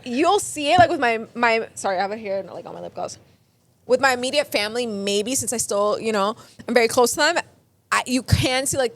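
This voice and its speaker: A woman's voice: a little high, a bit bright. A young woman guest chatting on a podcast, talking freely with lots of fillers and laughing often. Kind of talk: casual chat.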